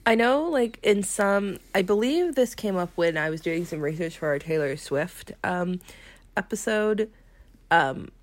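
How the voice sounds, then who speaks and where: A woman's voice: on the low side, expressive, measured pace. A woman co-hosting a podcast in casual chat, hesitant and full of fillers. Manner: hesitant, filler-heavy, giggly. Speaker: podcast co-host.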